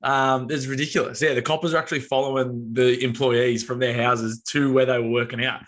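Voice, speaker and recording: A man's voice: medium pitch, flat delivery, fairly quick, a bit bright. Blunt man, casual chat.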